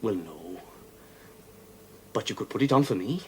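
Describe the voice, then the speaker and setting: An actor with a Welsh accent playing a blunt, hot-tempered young miner in a 1970s television period drama. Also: male voice, lowish voice, lively intonation, measured pace, slight background noise. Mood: warm.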